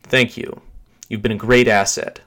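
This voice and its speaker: A man's voice: mid-range voice, little pitch movement, measured pace, fairly bright tone. A man voicing a bearded male terrorist officer who speaks in a commanding, urgent way.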